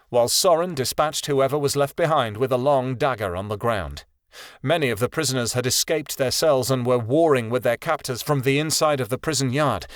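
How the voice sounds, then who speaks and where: A man narrating a fantasy audiobook in a steady, even storytelling voice. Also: medium pitch, dry recording, studio quality. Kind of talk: scripted narration.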